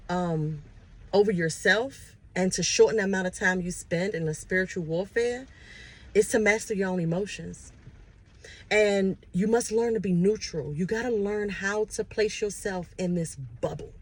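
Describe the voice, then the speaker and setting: A woman's voice: mid-range voice, breathy edge. A woman talking earnestly and casually about her faith, sharing personal testimony while driving her car. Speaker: spiritual vlogger. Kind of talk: casual motivational talk.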